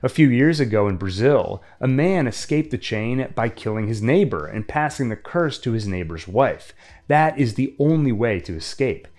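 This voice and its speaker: Guy doing a scripted horror movie recap, dry sarcastic asides, pitch bouncing all over. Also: expressive, moderate pace, darkish tone. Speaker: horror film reviewer. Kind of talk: scripted film recap narration.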